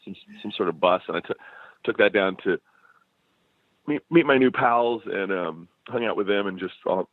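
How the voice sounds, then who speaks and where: Over a tinny phone line with no echo, a U.S. musician guest tells stories in a relaxed interview. His voice sits lowish and moves at a moderate pace, and he's an animated storyteller who laughs frequently and keeps starting his sentences over.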